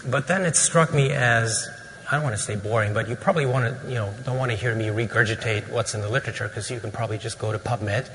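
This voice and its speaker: A man's voice: medium pitch, fast talker, fairly bright tone, big-room sound, slight background noise, low-quality recording. A man presenting at a medical conference, casual and joking, with frequent fillers. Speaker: physician presenter. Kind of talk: conference lecture.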